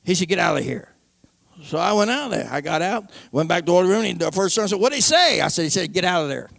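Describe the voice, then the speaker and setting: A man gives his testimony from the pulpit in a gravelly, fairly high voice. He swings between fervent shouting and hushed, earnest talk. The sound is close and dry. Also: lively intonation, rapid-fire, no room sound. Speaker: preacher giving testimony. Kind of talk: sermon testimony.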